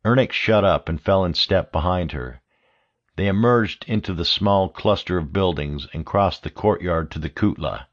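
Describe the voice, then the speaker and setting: A man narrating an audiobook thriller in a steady, measured reading. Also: low voice, highs cut off. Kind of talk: scripted narration.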